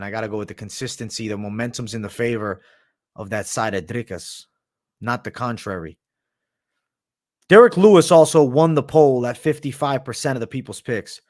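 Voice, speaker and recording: A man hosting a livestream, chatting casually while answering viewer questions, laid-back and profane. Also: mid-range voice. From United States. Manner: laid-back, profane, says "bro" a lot. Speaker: livestream host.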